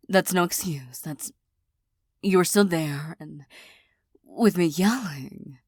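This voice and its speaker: A woman in a soft, halting, apologetic whispered role-play as a girlfriend, recorded on a close mic. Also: fairly low pitch, husky, dry recording.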